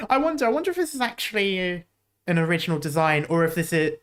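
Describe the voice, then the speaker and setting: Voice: medium pitch, quick pace, fairly bright tone. Giggly, rambling trailer reactor. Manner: giggly, rambling, laughs often. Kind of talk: casual reaction commentary.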